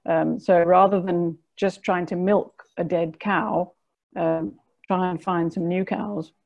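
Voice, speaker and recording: Woman panelist, flat gravelly delivery, dark tone, lo-fi call audio. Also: on the low side, takes it slowly. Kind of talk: online panel discussion.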